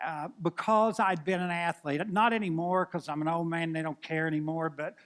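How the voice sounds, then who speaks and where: A man in his sixties, a pastor telling a folksy, animated story in a sermon. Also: on the high side, a little fast. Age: 60s.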